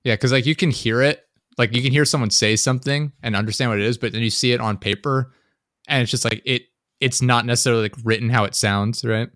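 A young man co-hosting a podcast, rambling casually and dropping deadpan jokes. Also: mid-range voice, fast talker, dry recording, clean studio sound. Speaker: podcast co-host. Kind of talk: casual chat.

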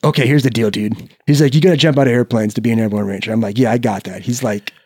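A man from Iowa in his forties, a guest telling a story in casual chat, animated, swearing freely and acting out the people he quotes. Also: medium pitch, quick pace, husky, no room sound, clean studio sound. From Iowa, United States. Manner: swears freely, peppers speech with "right?".

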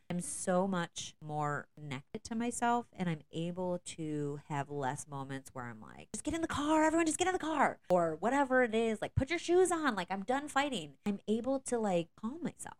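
A woman in her thirties hosting a podcast, talking candidly and confessionally about parenting, swearing freely and jumping up in pitch when she quotes herself. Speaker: podcast host. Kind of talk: candid personal podcast talk.

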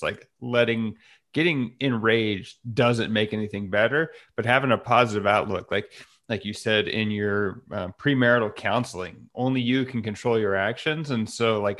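A man's voice: mid-range voice, fairly bright tone. A young man co-hosting a podcast, talking in an easygoing, rambling way with lots of fillers. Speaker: podcast co-host. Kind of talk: casual chat.

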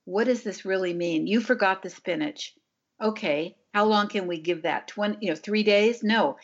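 A woman's voice: mid-range voice, normal speed, highs cut off. A woman giving relationship advice in casual conversation, emphatic and acting out what couples say to each other. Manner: emphatic, acts out couples' dialogue.

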